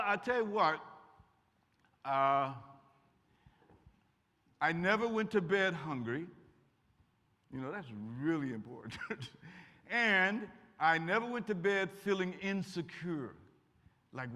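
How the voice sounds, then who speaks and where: A man's voice: a little high, very animated, slow pace, long pauses, pushed and bright. An older man with an Eastern Kentucky accent, a guest speaker giving a folksy, joking college talk and answering audience questions. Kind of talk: lecture and audience Q&A. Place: college auditorium. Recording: echoey hall.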